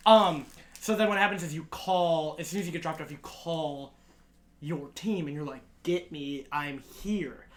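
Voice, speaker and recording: A young man co-hosting a podcast, telling profane high school stories in a casual, laughing way and acting out what others said. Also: steady tone, normal speed. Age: young adult. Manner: profane, laughing anecdotes with acted-out quotes. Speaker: podcast co-host. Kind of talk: casual storytelling chat.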